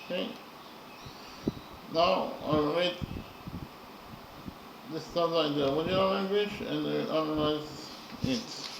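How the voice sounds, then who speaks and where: A man giving a lesson on poetry in a slow, deliberate way, counting syllables aloud, with frequent fillers. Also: on the high side, fairly even intonation, vocal fry. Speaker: lecturer on poetry. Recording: echoey room with audible background noise.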